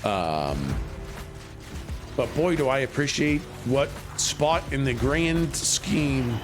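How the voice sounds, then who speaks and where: A man's voice: medium pitch, slow pace, music in the background. A man in his thirties chatting casually while he plays a game on stream, rambling and joking. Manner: animated, rambling, jokey.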